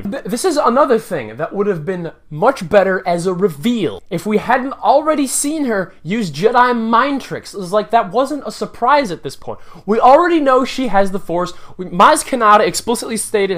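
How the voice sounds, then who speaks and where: A man's voice: sits high, lively intonation, moderate pace, few pauses, a bit bright. A man giving a casual, opinionated movie review, ranting with sarcasm as he picks apart scenes. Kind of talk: casual spoiler review rant.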